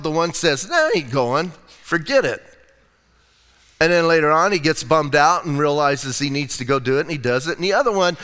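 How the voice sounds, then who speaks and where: A man preaching a sermon as pastor, in a casual, lively way with slang asides. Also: a little high, in a large hall.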